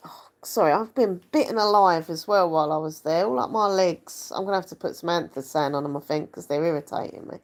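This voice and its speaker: A woman's voice: fairly low pitch, fairly quick. A young woman, chatting casually to camera in a rambling, self-deprecating way. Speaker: vlogger.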